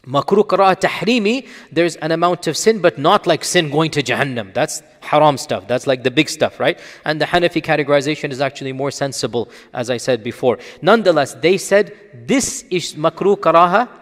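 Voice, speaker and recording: A man's voice: fairly high pitch, fairly quick, few pauses, in a large hall. A man, an Islamic scholar, giving an explanatory lecture, teaching earnestly and often asking rhetorical questions and checking in with listeners.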